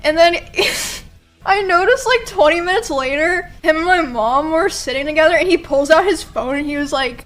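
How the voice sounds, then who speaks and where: A young adult woman streamer telling family stories in casual chat, animated and laughing often. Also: extremely high pitch, moderate pace.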